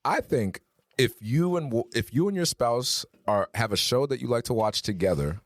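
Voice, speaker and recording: A man's voice: medium pitch, lively intonation, normal speed, no room sound. A man in his thirties co-hosting a podcast, talking candidly and with emphasis in casual conversation. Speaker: podcast co-host.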